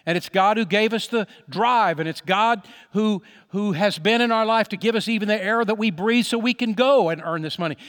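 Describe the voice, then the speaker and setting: High-voiced preacher in a reverberant hall. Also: male voice. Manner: earnest preaching, slow emphatic phrases, drops soft on prayers. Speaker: pastor. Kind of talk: sermon.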